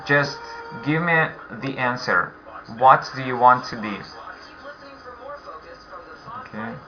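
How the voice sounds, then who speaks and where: Slow patient Russian-accented teacher. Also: male voice, mid-range voice, over music. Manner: slow, patient, repeats questions to learners. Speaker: English teacher. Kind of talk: online beginner English class. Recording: dull lo-fi online call audio.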